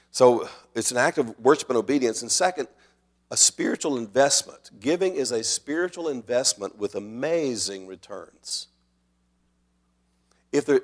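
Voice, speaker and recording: A middle-aged man preaching a sermon earnestly, moving between loud emphatic points and quieter asides. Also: mid-range voice. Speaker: pastor.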